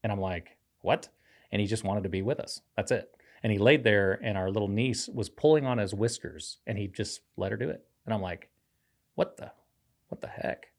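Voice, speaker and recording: Male pastor co-host, lower voice, casual storyteller, self-deprecating with ready laughs. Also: fairly quick, creaky. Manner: rambling storyteller, self-teasing, laughs often. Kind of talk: casual chat.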